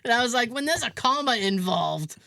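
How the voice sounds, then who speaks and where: Podcast lady telling a story, acts out everybody's lines, really lively up-and-down voice, dry close sound. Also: fairly high pitch, fairly quick, vocal fry, dry recording. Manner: animated storyteller who acts out other people's lines. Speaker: podcast co-host. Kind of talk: casual storytelling chat.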